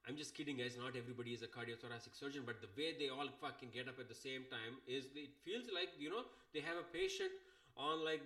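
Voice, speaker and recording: A man, hosting his own show and telling an annoyed, profane story in a casual way. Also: mid-range voice. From India. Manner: exasperated, profane, animated. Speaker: podcast host.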